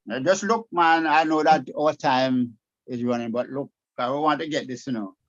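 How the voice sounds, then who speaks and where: Male tutor, mid-pitched, patient, spells things out, dull lo-fi call audio. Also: normal speed. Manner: patient, spells words out letter by letter. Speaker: teacher.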